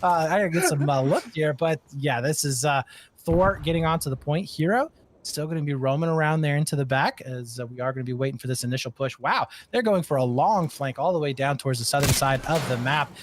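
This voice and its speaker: A man's voice: fairly high pitch, a little fast. Male esports co-caster, casual color commentary, heavy game noise. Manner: casual, laid-back, chatty. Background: game gunfire and clicks.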